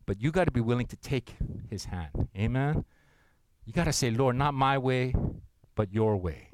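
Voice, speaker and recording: A man, a pastor preaching a sermon, earnest and gentle, with soft intimate passages and loud slow scripture readings. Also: medium pitch, lively intonation, no echo, rough recording.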